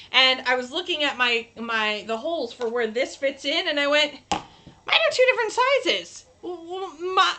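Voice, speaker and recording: A woman's voice: high-pitched, bright, forceful tone. A woman hosting a casual crafting livestream, chatting to viewers while she demonstrates her projects. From New York State.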